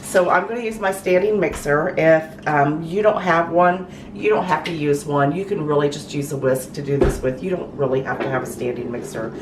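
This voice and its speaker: A woman's voice: deep voice, normal speed, hardly any pauses. A middle-aged woman hosting a casual home cooking demonstration in her kitchen, chatty, with frequent ums and restarts. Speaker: cooking show host. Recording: roomy echo, mic far off, noisy.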